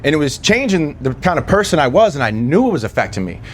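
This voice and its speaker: A young man on a comedy stage, telling his stories with a lively, swooping delivery that sits a bit high for a man. He rambles and restarts casually, then jumps up into squeaky voices to act out the people in them. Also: fast talker, a little hiss or hum. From East Coast of the US. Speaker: stand-up comedian. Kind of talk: stand-up set.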